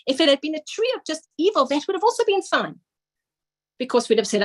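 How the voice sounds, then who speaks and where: A woman's voice: high-pitched, sing-song, quick pace, low-quality recording. A woman giving an earnest, explanatory Torah class to women, using Hebrew and Yiddish terms. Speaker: Torah teacher.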